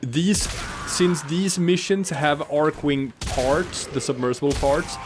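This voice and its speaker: A man's voice: fairly high pitch, slow pace, background noise. A man co-hosting a casual gaming let's play, explaining game mechanics and joking around. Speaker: co-host watching a gameplay let's play.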